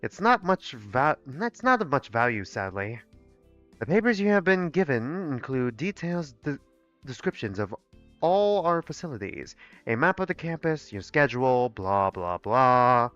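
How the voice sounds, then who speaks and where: A man puts on a sneering male dinosaur student leader from a dating game, bored and dismissive. His tone is bright and his pitch swings a lot, and the dry stream audio is a little muffled. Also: very animated, no room sound, faint music behind. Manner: dismissive, rushed, lazily reading.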